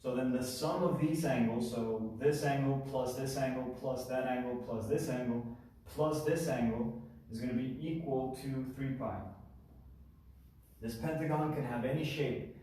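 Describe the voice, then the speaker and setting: Man teaching math, dark mellow voice, casual and self-correcting, heavy room echo from a distant mic. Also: medium pitch, slight background noise. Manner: thinking aloud, self-correcting, informal asides. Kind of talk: casual whiteboard explanation. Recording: echoey room, mic far off.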